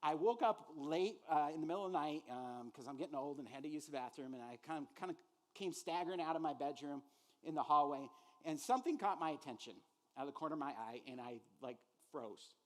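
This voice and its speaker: A man preaching a sermon as pastor, animated and conversational, acting out quoted voices and using many fillers. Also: on the high side, fast talker.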